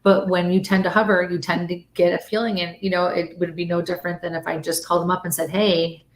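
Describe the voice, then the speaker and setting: A woman's voice: on the low side, fast talker. A middle-aged woman telling stories in a casual chat, acting out the voices of the people she quotes. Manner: animated storyteller, acts out quoted voices. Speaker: guest. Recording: roomy echo.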